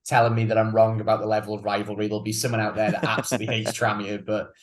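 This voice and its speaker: A man's voice: lowish voice, little pitch movement, racing, over a noisy crowd. A man, a guest on a casual podcast, easygoing and agreeable as he chuckles along.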